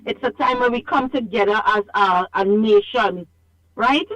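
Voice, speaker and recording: A woman's voice: mid-range voice, unhurried, fairly bright tone. A Trinidadian woman calling in to a radio show, talking emphatically and scolding, repeating herself for stress, over a phone line. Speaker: radio call-in caller. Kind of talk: animated call-in complaint.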